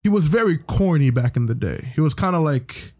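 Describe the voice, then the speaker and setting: A man's voice: a little high, expressive, a little fast, darkish tone. A young man co-hosting a podcast, talking casually, often restarting his sentences and swearing freely. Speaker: podcast co-host. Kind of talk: casual chat.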